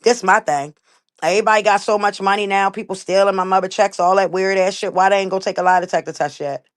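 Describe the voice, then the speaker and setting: A woman hosts her own livestream and talks straight at her viewers in a heated rant. She is blunt, swears freely and stresses her points hard. Her voice sits at an ordinary middle pitch. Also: fairly even intonation, quick pace. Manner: blunt, profane and emphatic. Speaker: livestream host.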